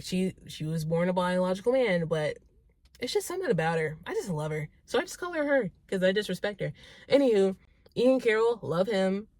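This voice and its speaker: A woman's voice: fairly low pitch, darkish tone, no echo. A young woman vlogging casually to camera, chatty and enthusiastic, often rambling and correcting herself. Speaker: vlogger answering viewer questions. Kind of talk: casual talking-to-camera vlog.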